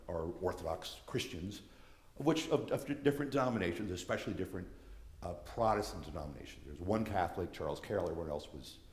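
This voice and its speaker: A man's voice: deep voice, a little mellow. A man giving an earnest lecture, often restarting his phrases. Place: church. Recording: echoey, reverberant hall.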